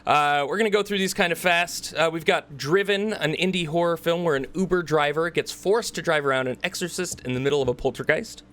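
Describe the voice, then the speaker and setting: A man hosting a podcast, reading through upcoming releases in a casual chat with quick asides. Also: a little high, fairly bright tone. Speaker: podcast host.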